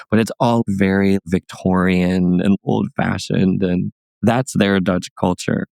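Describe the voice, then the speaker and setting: Casting: low, gravelly-voiced man from Chicago, loose filler-heavy interview storytelling, dry close sound. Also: no echo. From Chicago, United States. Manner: animated, filler-heavy with many "like"s. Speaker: guest, comedian. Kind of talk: casual conversational storytelling.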